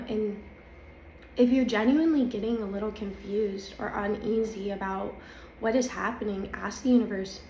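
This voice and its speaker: A woman's voice: on the high side, a little mellow, slight background noise. A woman talking casually and confidingly to her viewers about spiritual growth, with an emphatic, chatty manner. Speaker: spiritual vlogger. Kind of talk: casual spiritual talk to camera. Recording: echoey room with faint ambience.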